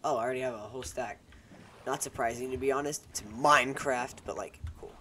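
A man's voice: medium pitch, fairly quick, pushed and bright. A young man giving casual, self-deprecating commentary while playing a game, rambling and joking to his viewers through a headset mic. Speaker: gaming YouTuber. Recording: noisy home recording with keyboard clicks.

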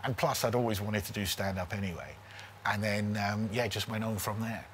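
A man in his forties, a comedian guest telling a comic story in a lively, casual way, often checking in with "right?". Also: lowish voice, fairly quick, slight background noise. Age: 40s. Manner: animated, keeps tagging lines with "right?".

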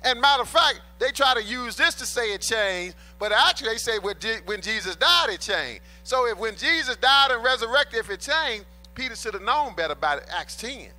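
A man's voice: very high-pitched, lively intonation, fairly quick, few pauses, sharp tone. A man preaching a sermon in an emphatic, colloquial way, repeating his key points and addressing the congregation as brothers and sisters. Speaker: pastor.

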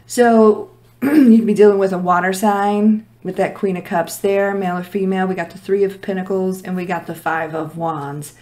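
Hoarse, blunt woman reading tarot. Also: medium pitch, fairly even intonation, normal speed, dark tone. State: losing her voice. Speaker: tarot reader. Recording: echoey room.

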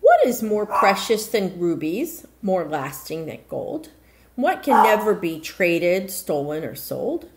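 Young servant girl, voiced by a woman, kind, humble, earnest, gentle, storybook. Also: fairly low pitch, sing-song, slow, very noisy, exaggerated voice.

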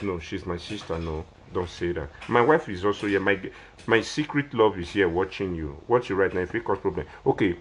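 Speaking with a Nigerian Pidgin English accent, this young man has a slightly low voice and pleads with his viewers, rambling and repeating himself. He is a social media personality who sounds like he is chatting casually on a live phone video.

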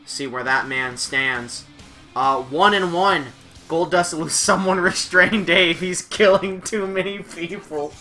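A man giving playful, jokey play-by-play commentary on a wrestling video game, shouting at the big moments. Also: high-pitched, takes it slowly, faint music behind.

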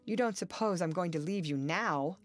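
A brooding, impassioned young farmer from an audiobook, read by a woman. He speaks earnestly and with strong feeling, in a fairly low voice. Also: normal speed, faint music behind, lightly acted. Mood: urgent.

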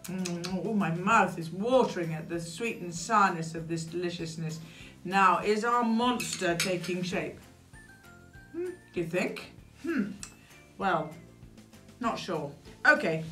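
Chatting with a puppet as she works, a woman hosts a children's craft show in a playful, sing-song way. Her voice is mid-range and fairly bright, and the recording has a roomy echo with faint music behind it.

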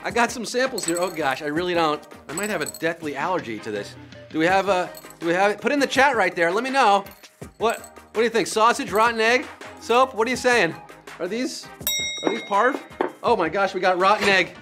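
An energetic man hosts a live trivia show, joking and teasing his players as he moves between questions. His voice is bright and forceful, pitched a little high, with faint music playing underneath. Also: brisk. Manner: energetic, jokey and playful. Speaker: game show host.

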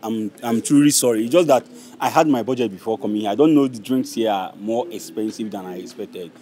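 A man's voice: fairly low pitch, fairly quick, dark tone, slight background noise. A man with a Nigerian English accent playing a customer in a comedy skit, protesting and pleading about a bill.

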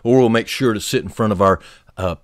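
A man preaching a sermon as pastor, fervently, rising loud on key points and dropping low and soft. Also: brisk, no echo, clean studio sound. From United States.

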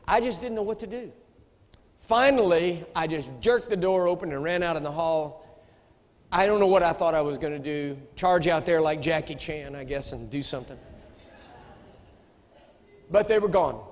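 An American man preaching a sermon, telling a story with emphatic storytelling that rises into outrage. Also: on the high side. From United States. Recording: echoey hall.

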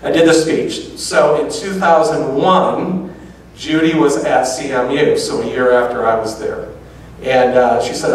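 A man giving a lecture, telling a personal story with lively quoted dialogue. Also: mid-range voice, a little hiss or hum. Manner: animated anecdotes with quoted dialogue. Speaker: public speaker. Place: large auditorium. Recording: very echoey hall from far off.

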